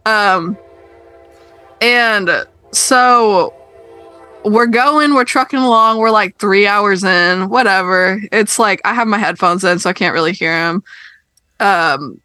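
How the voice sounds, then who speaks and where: A woman's voice: mid-range voice, takes it slowly. A young woman casually telling a story on a podcast, acting out the other people in it. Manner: animated, acts out other people's voices.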